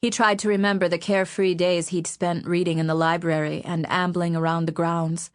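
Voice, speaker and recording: Low-voiced woman narrating an audiobook. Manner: measured, steady storytelling.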